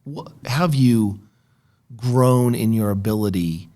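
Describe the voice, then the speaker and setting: A man from rural Indiana hosting an interview, asking thoughtful, measured questions in casual conversation. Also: on the low side, dark tone. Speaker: podcast host.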